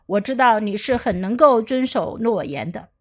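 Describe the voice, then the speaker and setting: Tired busy farmer dad woman reading him, reluctant, slow storybook voice, fairly high. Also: expressive. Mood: weary. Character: weary, busy farmer father.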